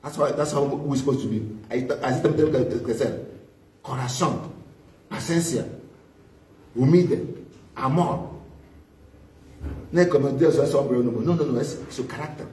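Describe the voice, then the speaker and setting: A man's voice: mid-range voice, takes it slowly, pauses often, mellow. A man preaching a sermon as pastor, prompting his congregation with call-and-response questions. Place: church hall. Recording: echoey church hall, distant mic.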